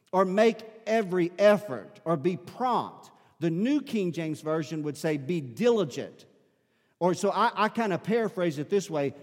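Preacher guy, high pitched, repeats himself when he pushes a point, big echoey hall. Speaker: pastor. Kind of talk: sermon. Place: church sanctuary. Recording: long hall reverb.

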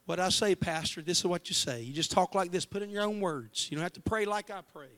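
Fervent preacher, man, bright high voice. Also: quick pace. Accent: Midwestern American. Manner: passionate preaching, swings from hushed to shouting. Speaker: pastor. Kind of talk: sermon. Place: church sanctuary.

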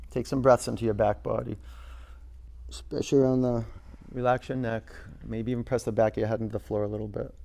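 A man leads a yoga class in a studio, cueing poses in a relaxed, loose way with plenty of fillers. His voice is gravelly with some creak and sits at a medium pitch. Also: fast. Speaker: yoga teacher.

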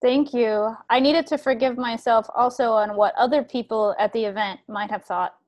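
A woman's voice: on the high side, fairly even intonation, normal speed, darkish tone. A woman hosting a conversation, telling a personal story in an earnest, reflective way. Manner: earnest and reflective, with frequent restarts.

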